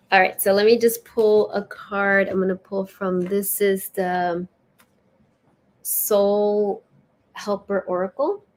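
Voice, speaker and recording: A woman hosts a live spiritual session in a relaxed, chatty way. She reads oracle cards aloud with an expressive, lilting delivery. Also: mid-range voice, takes it slowly, pauses often. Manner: warm, chatty, lilting and expressive, with soft laughs. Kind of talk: casual live-stream chat and oracle card reading.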